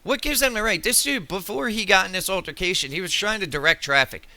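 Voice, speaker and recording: A man's voice: on the high side, expressive, brisk, few pauses, sharp tone, dry recording. A man delivering an angry, heated commentary rant, swearing often and stumbling over restarts. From United States. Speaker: political commentary vlogger.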